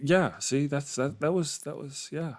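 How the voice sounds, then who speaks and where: A man's voice: fairly high pitch, unhurried. A man hosting a morning livestream, chatting casually with viewers in a rambling way, often chuckling and trailing off. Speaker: livestream host. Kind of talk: casual chat reacting to viewer comments.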